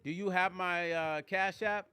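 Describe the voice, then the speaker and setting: A man's voice: high-pitched, fairly even intonation, measured pace, bright, forceful tone, smooth. A man with a New Jersey accent hosting a casual live-stream vlog, chatting with viewers and answering their comments by name.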